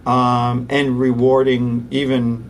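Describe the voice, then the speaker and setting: A man, a pediatrician and interview guest, who talks animatedly and acts out quick voices for parents and toddlers. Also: medium pitch, completely flat delivery, far from the mic, a little hiss or hum. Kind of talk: conversational interview.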